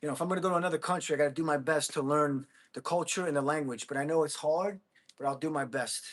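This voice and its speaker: Man, American, livestream host, high-pitched, excitable, casual chat. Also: fast. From United States. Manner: excitable, thanks viewers, whoops.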